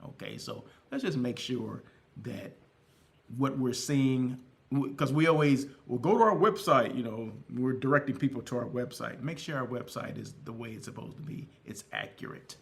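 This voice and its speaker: Middle-aged male host, gravelly and mid-pitched, rambling, friendly livestream talk from a hotel room. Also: normal speed. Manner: chatty, repeats himself, asks viewers questions. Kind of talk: casual livestream monologue.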